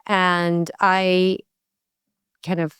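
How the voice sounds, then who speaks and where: A woman co-hosting a podcast, chatting in a lively, emphatic way and laughing easily. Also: on the low side, drawn-out words, clean tone, no room sound, clean studio sound. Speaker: podcast co-host. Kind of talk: casual chat.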